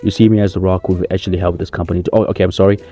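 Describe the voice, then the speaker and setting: A man's voice: low voice, little pitch movement, very fast, mellow. A man playing a boastful male wrestling star who rambles through a comedy press conference. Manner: cocky, rambling, self-praising. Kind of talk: comedy sketch.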